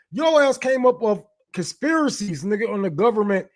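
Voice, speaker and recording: A man's voice: sits high, big pitch swings, moderate pace, hardly any pauses. A male host giving mocking commentary on a live stream, swearing freely and laughing as he ridicules a clip.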